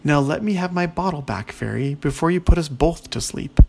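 A man's voice: on the high side, lively intonation, moderate pace, gravelly, darkish tone, slight background noise, voice pushed up. A man doing a polite ogre girl. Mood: firm. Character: calm, polite young female ogre adventurer. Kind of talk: children's story reading.

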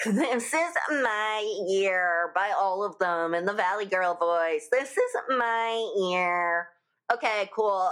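A woman's voice: fairly low pitch, fairly bright tone. A young adult woman hosting a podcast in casual, gossipy chat, with many fillers. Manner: chatty, gossipy, lots of fillers. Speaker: podcast host.

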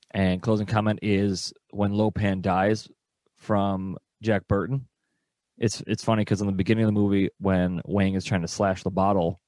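Chill low-voiced guy co-hosting a movie podcast, laughs easy, dry mic. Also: darkish tone, no echo. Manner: easygoing, laughs often. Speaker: podcast co-host. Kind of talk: casual movie review chat.

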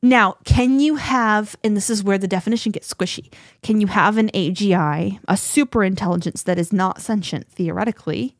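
A woman co-hosting a podcast, talking in an animated, chatty way with frequent restarts. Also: medium pitch, moderate pace, dry recording, clean studio sound. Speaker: podcast co-host. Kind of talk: casual conversation.

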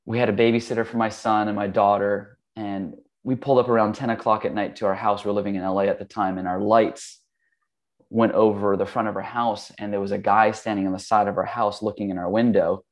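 A man in his forties, a guest in casual conversation, telling stories in a relaxed, rambling way full of fillers and restarts. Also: fairly low pitch, a little fast. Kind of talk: casual storytelling.

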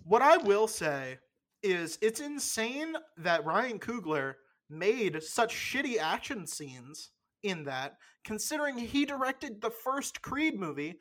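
A young adult podcast co-host, very animated, talks in a mid-range voice with a fairly bright tone. The casual conversation is opinionated and blunt, laced with profanity and stalled by many fillers.

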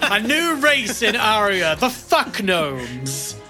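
A man's voice: high-pitched, very animated, takes it slowly, pushed and bright, faint music behind. A man chatting as a player on a tabletop podcast, making dry one-liners. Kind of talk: casual podcast banter.

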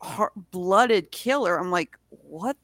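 A woman's voice: medium pitch, normal speed, fairly bright tone, no echo, clean studio sound. A woman co-hosting a casual TV review chat, enthusiastic and rambling. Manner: enthusiastic, rambling, acts out quoted lines. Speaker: podcast co-host reviewing a TV series.

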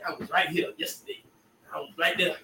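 A man with a high voice talks in a loose, drawling way, circling back over his own phrases. He sits some distance from the mic in an echoey room. A faint hum runs behind him. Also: little pitch movement, a little fast, creaky, pushed and bright. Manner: drawling, repeats phrases, Southern US slang. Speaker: podcast host. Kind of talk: casual chat.

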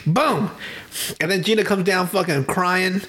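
Animated, profane man recapping movies. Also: sits high, measured pace. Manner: animated, profane storytelling with frequent laughter. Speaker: podcast host. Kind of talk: casual chat. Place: home. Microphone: online call.

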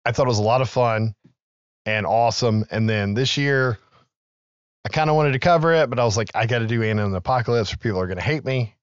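A man's voice: mid-range voice, fast, clean tone, dry recording, muffled recording. A man in his thirties, a podcast co-host, recapping a film in casual chat and acting out its lines with laughs.

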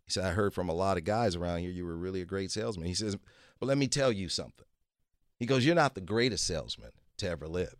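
A man's voice: low-pitched, expressive, fast talker, no room sound, studio quality. A man telling a long story as a guest, acting out other people's lines in his own voice and repeating "he goes". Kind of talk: casual storytelling.

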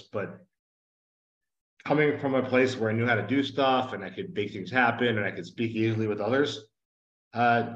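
A man's voice: fairly low pitch, a bit bright. Earnest man on a roomy lo-fi line. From United States. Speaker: podcast guest. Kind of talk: casual interview conversation. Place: home in a small town. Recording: roomy, dull lo-fi audio.

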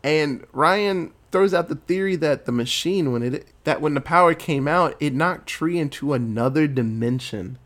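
A man casually retelling a movie plot in a lively, profane storytelling way. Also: fairly high pitch, moderate pace, few pauses. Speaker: movie recapper.

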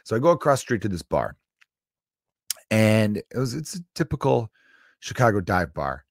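A man's voice: fairly low pitch, very animated, normal speed, gravelly, no room sound, studio quality. A man in his thirties hosting a podcast, telling a rambling story in a profane, self-mocking, casual way. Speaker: podcast host. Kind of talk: casual comedic monologue.

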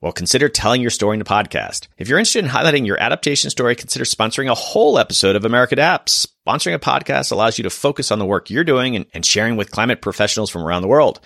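A man hosting a podcast, giving an upbeat sales pitch and talking straight to his listeners. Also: lively intonation, rapid-fire, vocal fry, few pauses, a bit bright, no echo, clean studio sound. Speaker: podcast host. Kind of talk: podcast outro and sponsorship pitch.

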